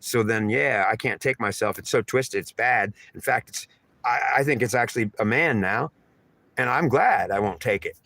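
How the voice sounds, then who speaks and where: A man's voice: mid-range voice, moderate pace, sharp tone, dry recording. Man in a dry, rambling spiritual monologue. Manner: repetitive, emphatic, stream of consciousness. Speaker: channeler giving spiritual messages.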